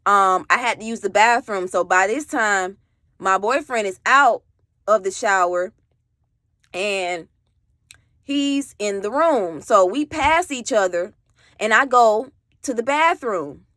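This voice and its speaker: A woman's voice: medium pitch, expressive, slow pace, sharp tone, no echo. A young adult woman telling her own story in a rambling, candid way, full of "like" and casual swearing.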